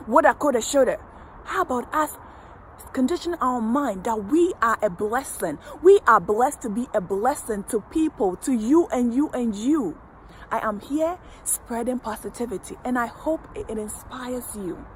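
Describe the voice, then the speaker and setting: A woman's voice: on the high side, rough recording. A woman coach delivers a motivational affirmation talk right to the viewer in a slightly raised voice. Her phrasing is emphatic and repetitive, building an uplifting rhythm. A faint sound of passing traffic sits in the background. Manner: speaks directly to the viewer. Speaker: wellness coach.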